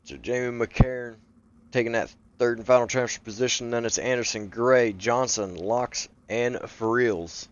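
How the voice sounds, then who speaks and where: A man co-hosting a sim racing broadcast, easygoing and lifting with excitement on race action. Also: medium pitch, a little slow, dull audio. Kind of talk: race commentary.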